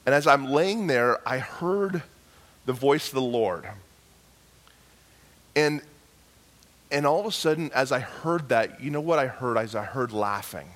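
A middle-aged male pastor preaching a sermon, telling a personal story with emotional swings from hushed murmurs to loud cries. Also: medium pitch, expressive, measured pace, pauses often.

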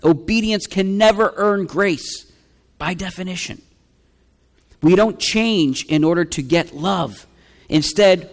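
A man preaching with an earnest, rhetorical delivery, his voice sitting a little higher than most men's. He drives each point home by repeating lines. A long hall reverb trails behind every phrase. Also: creaky. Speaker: pastor. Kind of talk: sermon.

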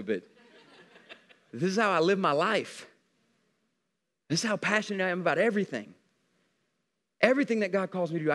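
Man, pastor, very high voice, passionate emphatic preaching. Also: a bit bright. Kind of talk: sermon.

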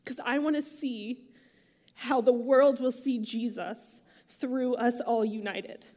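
A woman's voice: on the high side, fairly even intonation, takes it slowly, a little mellow. A woman preaching a sermon in a casual, chatty way, using slang and asides. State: emotional, near tears. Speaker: pastor.

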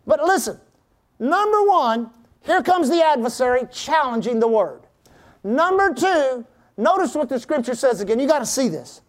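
A middle-aged pastor with a high-pitched voice preaches to his congregation and has them repeat his words back to him. He reads scripture in old-fashioned wording and now and then breaks into shouted exclamations. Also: very animated, moderate pace. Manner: preaching with call-and-response to the congregation. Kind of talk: sermon.

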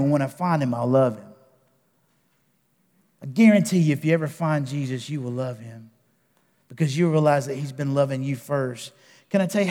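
An earnest male pastor preaching, repeating key lines and sinking to near-hushed emphasis. His voice is high for a man. A long church reverb hangs after every phrase. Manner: earnest, repetitive, dropping to quiet emphasis. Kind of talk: sermon. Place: church sanctuary.

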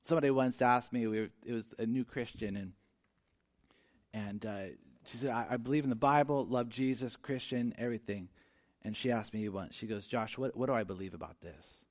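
A man preaching a sermon, earnest and conversational, moving from quiet reflection to emphatic, rising delivery. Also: mid-range voice, fairly quick. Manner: conversational with frequent restarts. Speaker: pastor.

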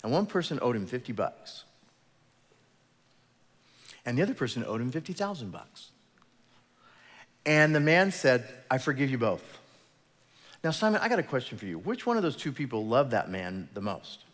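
A man's voice: medium pitch, very animated, fairly quick, in a large hall. A man preaching a conversational sermon as pastor, retelling scripture stories in casual everyday words.

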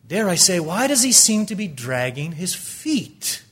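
A man's voice: high voice, big pitch swings, unhurried, hardly any pauses, breathy edge. Emphatic preaching man. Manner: emphatic preaching with repeated rhetorical questions; swings between hushed and loud, rising urgency. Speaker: pastor. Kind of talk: sermon.

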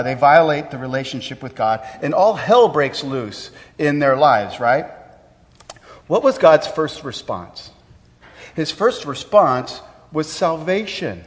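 Pastor, man, middle-aged, slightly high voice, earnest sermon delivery with asides, long hall reverb. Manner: earnest preaching with pauses and asides.

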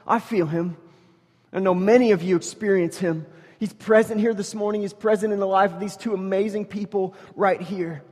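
A man preaching a sermon as pastor, animated, swinging from loud emphasis to hushed intensity, with joking story asides. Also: high-pitched, moderate pace, in a large hall. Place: church sanctuary.

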